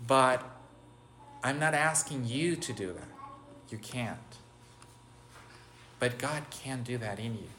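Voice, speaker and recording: A man preaching an informal spiritual meditation, halting often, restarting phrases and asking rhetorical questions. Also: mid-range voice, noisy background. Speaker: preacher giving a spiritual talk. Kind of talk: informal sermon, spoken meditation.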